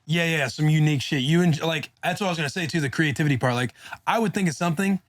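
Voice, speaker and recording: A young man co-hosting a podcast in casual chat, talking in quick bursts. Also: a little high, no echo. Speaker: podcast co-host.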